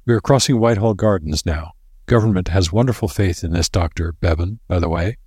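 A man's voice: sits low, fairly quick, dark tone, husky, dry recording. A man voicing a cheerful, blind young noblewoman in a lilting, lifted voice. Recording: dry close recording.

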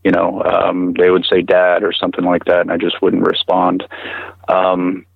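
Deep husky man on a phone line. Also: monotone, dry recording. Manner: halting, repeats words, frequent fillers. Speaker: guest recounting personal experience. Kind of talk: interview storytelling. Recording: tinny phone line on radio.

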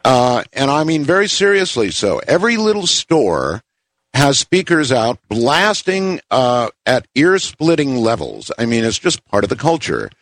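A man hosting a talk show, chatting casually with halting, drawn-out phrasing and many pauses. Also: mid-range voice, wildly swooping pitch, a bit bright, dry recording. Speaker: radio talk show host. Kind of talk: casual interview chat.

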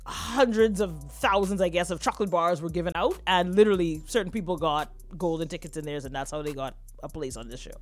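A woman's voice: lowish voice, no echo. A woman co-hosting a casual live morning show, chatty and gushing, often laughing. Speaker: co-host.

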